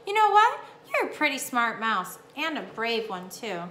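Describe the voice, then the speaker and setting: A woman's voice: a little high, big pitch swings, normal speed, a bit bright. A woman doing an eager, curious sick young boy. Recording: echoey room, faint hum.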